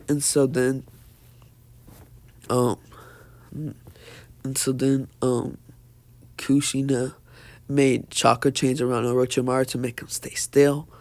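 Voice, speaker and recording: A man narrates an improvised story in a slow, halting manner, filling gaps with ums and starting sentences over. His delivery stays fairly flat in pitch. The sound is dry and close, with no room echo. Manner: halting, many fillers and restarts. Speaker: fan fiction storyteller.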